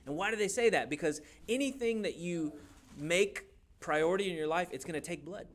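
A man's voice: sits high, animated, brisk. A man teaching a youth Bible class in a casual, joking way, asking the class questions as he goes.

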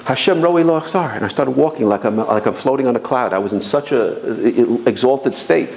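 A man's voice: medium pitch, brisk, gravelly, a little mellow. A man teaching as he tells a personal story, sprinkling in Hebrew and Yiddish terms and often restarting his sentences. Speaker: religious teacher. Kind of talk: storytelling sermon.

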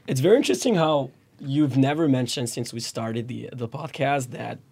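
Male co-host, mid-pitched, loose conversational questioning. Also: normal speed, vocal fry, husky. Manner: asks questions in a lively, rambling way. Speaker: podcast co-host. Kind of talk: casual interview questions.

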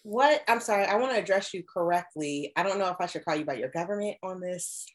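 A woman's voice: on the low side, expressive, fast talker. A woman guest on a podcast, chatting casually and often adding "you know what I'm saying.". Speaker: guest musician. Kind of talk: casual chat.

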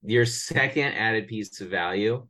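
Deep-voiced man doing a mock sales pitch. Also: unhurried, bright, forceful tone. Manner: mock-salesy pitch full of restarts and stammers. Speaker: podcast co-host. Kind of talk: casual podcast chat. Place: his bedroom at home.

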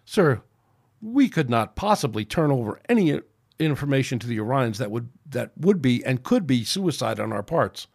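A man's voice: medium pitch, sing-song, moderate pace, creaky, a little mellow, slightly rough, dry recording, studio quality, full character voice. A man voicing an earnest male starship security chief and helmsman in an amateur story reading. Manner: earnest, growing insistent.

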